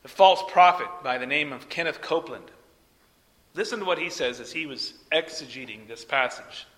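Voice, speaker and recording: A male preacher delivering an expository sermon, emphatic, swinging from loud peaks to soft trailing phrase ends, mocking when quoting a rival teacher. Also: a little high, normal speed. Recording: long hall reverb.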